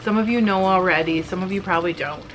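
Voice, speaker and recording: Candid chatty woman with faint music. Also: lowish voice. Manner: candid, rambling, emotional, quick asides. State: teary. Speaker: fiber arts YouTuber. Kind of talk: casual chat to viewers while spinning.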